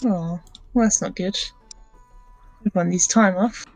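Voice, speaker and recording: A woman's voice: medium pitch, fairly even intonation, unhurried, darkish tone, dry recording, faint music behind. Hesitant woman player, dry sound. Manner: hesitant, mild, questioning. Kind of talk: casual chat in a tabletop game.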